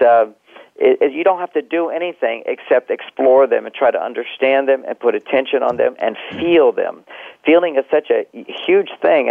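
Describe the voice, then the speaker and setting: A man's voice: mid-range voice, gravelly, no room sound. A middle-aged man who works as a relationship counselor gives advice in an interview, reflectively talking himself through examples and chuckling often. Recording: tinny phone-like line, dry.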